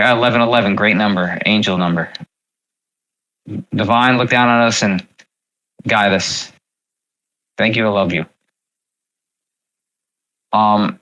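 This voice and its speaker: A man hosting his own livestream talks in a loose, rambling way, full of fillers, restarts and repeated words. His voice is bright and forward. He sits at a middle pitch for a man. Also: low-quality recording. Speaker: livestream host. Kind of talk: casual livestream chat.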